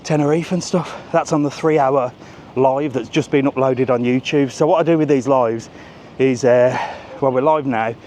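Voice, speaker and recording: At a moderate pace, a British vlogger with a medium-pitched, slightly mellow voice chats and jokes cheekily, with a bit of swearing, while walking a lively seafront strip after dark. He films live on a small handheld camera, and the audio has a little hiss or hum plus street music.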